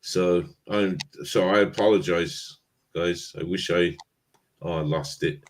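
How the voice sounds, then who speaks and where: A man's voice: low-pitched, steady tone, slow. A male host chatting casually and apologetically about his old editing work. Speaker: host who edited the film. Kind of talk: casual chat.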